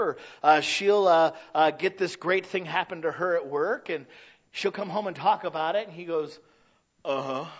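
A man preaching a sermon in a conversational, plainspoken way with self-deprecating humor. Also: a little high. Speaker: pastor. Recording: slightly dull lo-fi sound.

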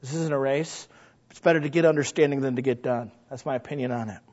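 A pastor with a medium-pitched voice preaches quickly, speaking conversationally to the congregation and often asking them questions. He builds from quiet asides up to loud, emphatic exclamations, captured in a muffled lo-fi recording.

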